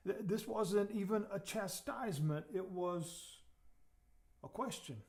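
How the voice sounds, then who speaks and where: Earnest man preaching a teaching lesson, higher-pitched, repeats words, softens to make a point. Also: slow pace. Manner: earnest, repeats words, drops to soft emphasis. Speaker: pastor. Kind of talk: sermon teaching.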